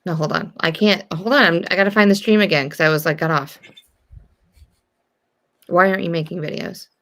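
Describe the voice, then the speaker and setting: Woman, caller on a stream, gravelly, teasing, bossy, casual chat. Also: fairly low pitch, a little fast, fairly bright tone. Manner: teasing, bossy, talks over. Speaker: friend calling in to the stream.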